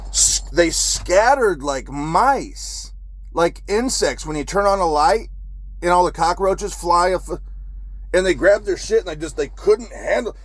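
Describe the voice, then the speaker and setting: A man's voice: fairly high pitch, animated, unhurried, breathy edge. A man who is a military veteran, telling a story in an agitated, profane ranting monologue.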